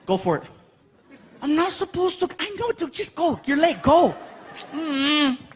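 A man's voice: very high voice, big pitch swings, unhurried, very noisy. A man in his thirties performing a stand-up comedy set, telling stories animatedly and acting out many voices. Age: 30s. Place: large live venue.

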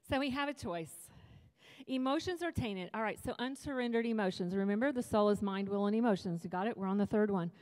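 A little fast and slightly mellow, this mid-range female voice rings out with a long reverb tail. She's preaching to women on a retreat in a church hall, her sermon conversational and funny, peppered with asides as she jokes loosely with the audience.

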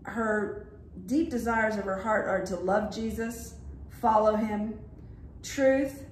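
Woman host, mid pitch, casual and steady; roomy echo and light background hiss. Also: takes it slowly. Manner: steadily lists a biography with brief fillers. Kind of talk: casual introduction of a guest.

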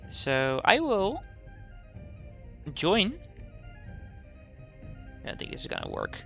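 A man's voice: sits high, wildly swooping pitch, slow pace, gravelly, sharp tone, soft background music. A young man hosting a let's-play, thinking aloud as he plays and saying "okay" over and over. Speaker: gaming channel host. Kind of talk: casual let's-play commentary.

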